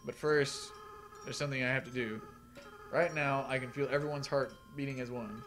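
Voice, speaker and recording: A man's voice: mid-range voice, fairly even intonation, faint music behind, natural voice. Asriel, a man reading as a tearful monster boy. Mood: sad. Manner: soft, earnest, halting reading of game dialogue. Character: remorseful young goat-monster boy, tearful.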